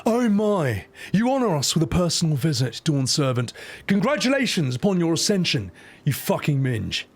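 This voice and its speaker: A proud older leader, as a male streamer puts him on, speaking in a stately manner in a husky, gravelly voice. His pitch sits high and moves a lot. Crude insults interrupt the dignified lines. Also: sing-song, normal speed, heavily acted. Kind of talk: playful dub-over of a game cutscene.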